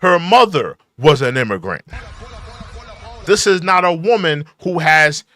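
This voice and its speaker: A man's voice: on the high side, lively intonation, unhurried, a bit bright. A man in his thirties hosting a political commentary show, reacting to clips with exasperated rants, repeating himself and using mocking slang. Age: 30s.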